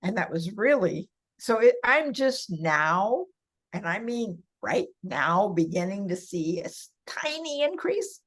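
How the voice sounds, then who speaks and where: An older woman speaks as a podcast guest in a relaxed, conversational way. She is chatty and laughs easily, and she tells stories with animation. Her voice sits at a middle pitch. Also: slow. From California. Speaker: guest, massage therapist for seniors. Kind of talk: casual interview chat.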